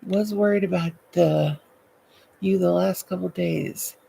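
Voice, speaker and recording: A woman's voice: lowish voice, fairly even intonation, unhurried, vocal fry, mellow, husky, low-quality recording. An older woman hosting a late-night live stream from home, chatty and goofy, greeting viewers by name into her laptop. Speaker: livestream host. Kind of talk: casual live chat with viewers.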